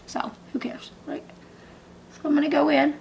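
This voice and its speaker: A middle-aged woman chatting casually through a makeup tutorial, rambling and dropping into soft half-whispered asides. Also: high-pitched, fairly even intonation, moderate pace, gravelly, a little hiss or hum. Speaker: beauty vlogger.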